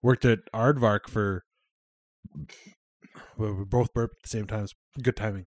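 A man, hosting a casual podcast chat, swearing freely and laughing between quick asides. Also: lowish voice, fairly even intonation, no echo, clean studio sound. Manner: loose and profane, laughs often, quick asides. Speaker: podcast host.

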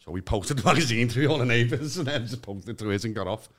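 A man's voice: mid-range voice, lively intonation, fast talker. A young man, co-hosting a comedy podcast in casual banter, swearing and laughing through his stories. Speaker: podcast co-host.

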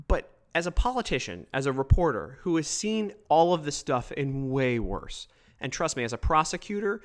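A man giving opinionated solo political commentary, emphatic and quick to mock others. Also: a little high. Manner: emphatic, animated, mocking quoted voices.

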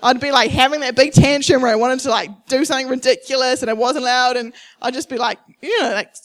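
A woman's voice: sits high, fairly even intonation, fast. A young adult woman preaching a sermon at a church service, emphatic and repetitive, acting out the people she quotes.

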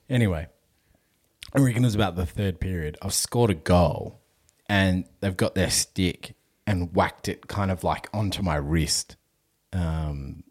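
A man's voice: sits low, a little mellow, breathy edge. A young Australian man hosting a podcast, telling a story in casual chat, swearing freely and laughing as he goes. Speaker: podcast host.

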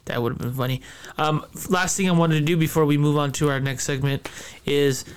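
Smooth-voiced man hosting a sports chat. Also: on the high side, fairly even intonation, a little fast. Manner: rambling, many restarts and fillers. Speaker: podcast host.

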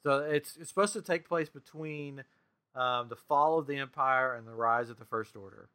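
A man's voice: mid-range voice, normal speed, pushed and bright. A man hosting a podcast, chatting casually about theme parks and laughing often. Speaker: podcast host. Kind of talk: casual chat.

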